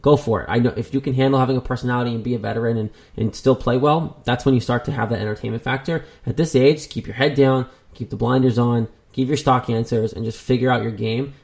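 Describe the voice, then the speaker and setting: A man's voice: mid-range voice, steady tone, fast talker, creaky, hardly any pauses, a little mellow. A man co-hosting a casual baseball talk show, rambling with many restarts. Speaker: sports podcast co-host.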